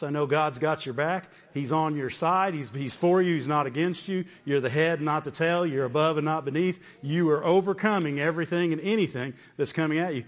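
A man preaching a sermon with repeated phrases, often asking "Amen?". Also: on the high side. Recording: dull, echoey hall.

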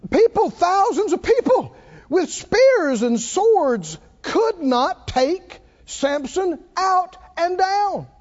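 A preacher with a very high, lively voice delivers a slow sermon, firing rhetorical questions and waiting for answers. The sound is muffled and lo-fi, as from a church recording. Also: male voice. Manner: rhetorical questions, calls for response.

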